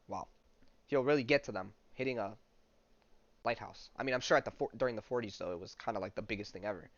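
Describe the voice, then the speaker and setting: A man's voice: on the low side, quick pace, no echo. A young man hosting a podcast, reading a comic aloud and joking about it in slangy, casual talk full of fillers. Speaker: podcast host. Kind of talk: casual comic read-along commentary. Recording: dry, dull lo-fi mic.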